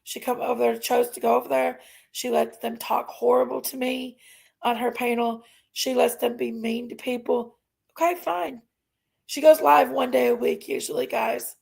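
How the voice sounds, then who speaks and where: A woman's voice: a little high, fairly even intonation, moderate pace, vocal fry, a little mellow, slightly rough. A woman chatting casually on a livestream, reading out viewer names and thanking members. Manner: reads out viewer names, thanks members, vents about her sister. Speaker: livestream host.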